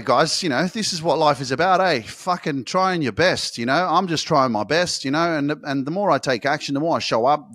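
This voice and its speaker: A man hosting a motivational podcast, speaking with intense, profane emphas and swinging between hushed and shouting. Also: high voice. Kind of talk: motivational monologue.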